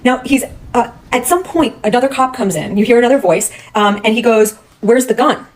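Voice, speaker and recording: A woman's voice: fairly high pitch, brisk, rough recording. A woman retelling a true crime case in a casual, blunt, heated way, swearing often.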